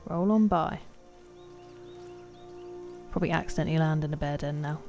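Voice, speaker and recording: A woman's voice: sits low, normal speed, faint music behind. Chatty woman streaming a game. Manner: chatty, reacts loudly, talks to chat. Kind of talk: casual gameplay commentary.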